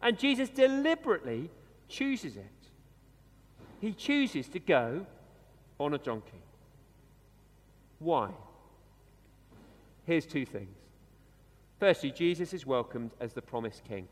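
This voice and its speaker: A man delivers a sermon in a bright, high voice that swoops up and down with energy. He talks conversationally and slows to a hush on key words. The church around him adds a long, trailing reverb. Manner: conversational, animated, with dramatic pauses and slowed emphasis. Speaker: preacher.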